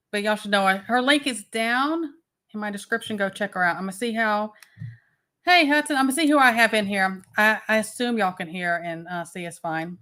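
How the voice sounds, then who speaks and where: A woman's voice: on the high side, sharp tone. A woman hosting a casual livestream, chatting and greeting viewers one by one by name. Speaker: livestream host.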